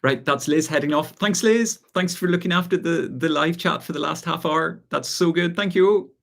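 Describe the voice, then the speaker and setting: A man with an Irish accent hosting a relaxed live chat, reading out viewer questions and answering them with easy laughs. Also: fairly high pitch, normal speed, vocal fry. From Ireland. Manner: relaxed, chatty, reads out viewer comments and laughs often. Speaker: gardening channel host.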